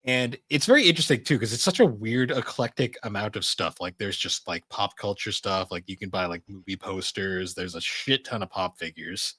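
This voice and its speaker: A man's voice: on the low side, normal speed, hardly any pauses, sharp tone, dry recording. A young adult man co-hosting a podcast in casual chat, rambling and swearing freely. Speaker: podcast co-host.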